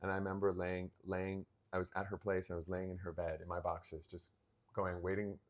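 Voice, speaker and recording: Low-voiced man telling a story animatedly. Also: a little fast. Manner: animated storyteller, acting out remembered dialogue. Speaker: podcast co-host. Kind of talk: casual chat.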